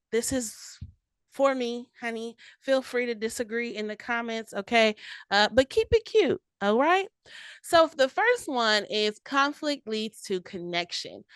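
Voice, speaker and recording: A woman's voice: a little high, fairly bright tone, no echo. A young adult woman hosting a podcast, giving casual, direct relationship advice and calling the listener honey and baby. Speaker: podcast host.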